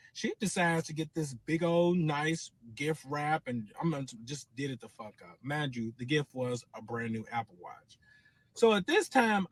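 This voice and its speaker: A man's voice: high-pitched, no echo. A man telling a personal story in a series, dramatic and full of swearing, acting out what others said. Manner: profane, dramatic, quotes others in voices.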